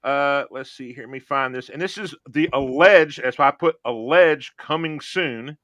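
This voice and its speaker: A man's voice: mid-range voice, moderate pace, fairly bright tone, no room sound. A man hosting a casual gaming podcast, joking and rambling as he thinks aloud. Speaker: podcast host.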